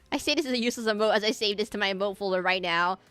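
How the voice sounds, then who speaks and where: A woman's voice: medium pitch, racing, fairly bright tone, smooth, no room sound, soft background music. Rambling, self-amused woman streamer. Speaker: streamer drawing requests live. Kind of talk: casual live-stream chat while drawing.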